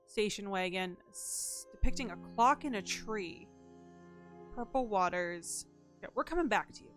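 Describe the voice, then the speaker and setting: A woman's voice: mid-range voice, expressive, a little slow, fairly bright tone, faint music behind. A young woman streaming a mystery game, chatting casually, thinking aloud and thanking her chat.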